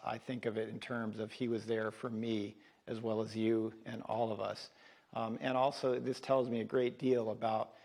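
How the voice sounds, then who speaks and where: A man, a guest on a faith program, reflecting in a measured, conversational way. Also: mid-range voice, a little mellow, husky.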